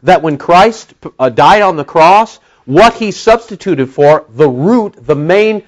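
Male pastor, slightly high voice; conversational Bible teaching that turns emphatic. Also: expressive, slow pace. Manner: emphatic, rising to near-shouting when stirred; conversational, with asides to the audience.

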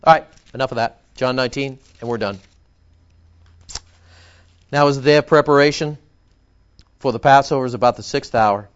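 A man's voice: medium pitch, moderate pace, long pauses, clear, resonant tone, highs cut off. A man preaching a sermon as pastor, emphatic and confrontational, scolding his listeners.

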